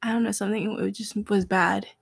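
A young adult woman chatting with a friend, telling a long, animated story full of fillers. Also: mid-range voice, fairly quick, gravelly, husky, no echo. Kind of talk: casual chat between friends.

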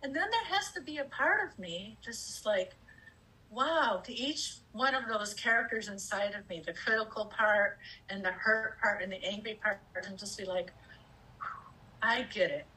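A woman's voice: medium pitch, normal speed, sharp tone, poor audio. A woman in her fifties telling a candid personal story, acting out her own inner voices and swearing casually. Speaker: speaker sharing personal experience.

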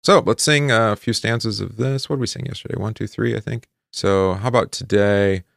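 Man, middle-aged, deep voice, gravelly, dry close sound, chatty hymn teacher, lots of ums. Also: fairly even intonation, fairly quick, no room sound. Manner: conversational, many fillers and asides. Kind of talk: informal hymn study talk.

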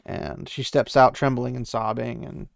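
Gravelly man casually recapping a story. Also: medium pitch, steady tone, a little slow, dry recording, studio quality. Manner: rambling, acts out the characters' quotes loosely; opinionated asides. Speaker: book recapper. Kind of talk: casual retelling of a fantasy novel.

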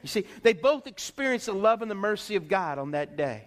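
A man's voice: sits high, moderate pace, few pauses. A male pastor preaching a sermon, emphatic, peppering the congregation with rhetorical questions. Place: church sanctuary. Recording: long reverb in a church hall.

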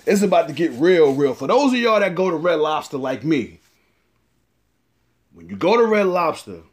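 A man hosting a casual sports talk show, animated and slangy, hyping up his co-host. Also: on the high side, normal speed. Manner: animated, slangy, hyped-up delivery.

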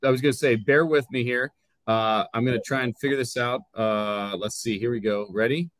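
A man's voice: mid-range voice, steady tone, moderate pace, dry recording, low-quality recording. A man co-hosting a live food and beverage business show, chatting casually and reading a sponsor spot in a radio-style voice. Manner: upbeat, reads sponsor copy in a put-on radio voice. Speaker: podcast co-host. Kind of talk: casual live-stream chat and sponsor read.

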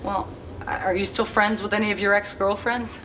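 Sitcom clip: actress as a curious, questioning artist, off-mic, hissy. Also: female voice, mid-range voice, flat delivery, normal speed, natural voice. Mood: probing. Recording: distant, noisy sitcom clip.

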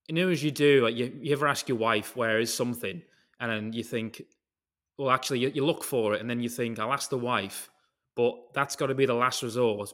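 A man's voice: medium pitch, fairly bright tone. A man with a British accent, hosting a casual podcast chat and telling a long, rambling story full of tangents and casual swearing. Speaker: podcast host.

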